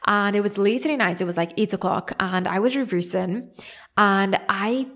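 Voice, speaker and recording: A young woman with a Trinidadian accent, hosting a podcast and telling a story in a casual, animated, self-deprecating way. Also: mid-range voice, normal speed. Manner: animated, self-deprecating, acts out quoted voices. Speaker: podcast host.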